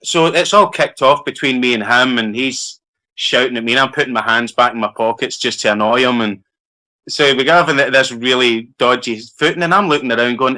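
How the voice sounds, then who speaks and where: Actor, bright forceful voice, chatty anecdote teller. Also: male voice, medium pitch, fairly quick, rough recording. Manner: lively, laughs while telling a story. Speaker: actor guest. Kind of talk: anecdotal storytelling.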